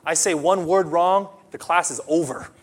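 Speaking at a normal speed in a fairly high voice, a non-native English-speaking pastor delivers an emphatic sermon. He alternates between loud outbursts and quiet asides.

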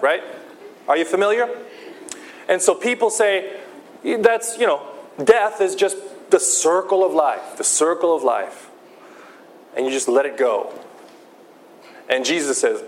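A man preaching a sermon, slow and emphatic, often repeating his key phrases. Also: on the high side, slight background noise. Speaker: pastor.

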